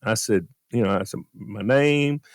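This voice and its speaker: A man's voice: lowish voice, unhurried, no room sound, studio quality. A man telling a story in a casual radio podcast chat and acting out the voices of the people in it. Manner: animated storyteller, acts out quoted voices. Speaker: guest storyteller, former beer truck driver.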